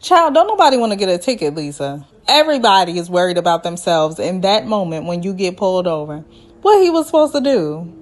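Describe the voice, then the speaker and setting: A woman recapping a reality show in a casual, sassy, teasing way, with lively asides. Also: medium pitch. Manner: sassy, animated, playful teasing.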